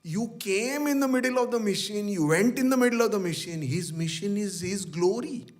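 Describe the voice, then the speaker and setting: A man's voice: high-pitched, moderate pace. A middle-aged man, telling personal memories to a devotional gathering and acting out the dialogue he quotes. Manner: animated storyteller, acts out quoted dialogue. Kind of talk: storytelling talk.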